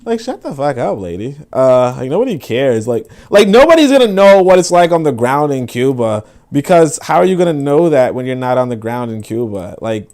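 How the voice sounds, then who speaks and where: A man hosting a casual podcast, talking in a profane, dismissive and animated way. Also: mid-range voice, normal speed, hardly any pauses. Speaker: podcast host. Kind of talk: casual commentary.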